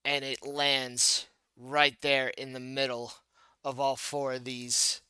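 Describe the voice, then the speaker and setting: A man narrating a tabletop game as game master, unhurried and playful. His voice is bright and smooth, a touch higher than most. The recording is dry and close. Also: little pitch movement, no echo. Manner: playful narration with laughs and restarts.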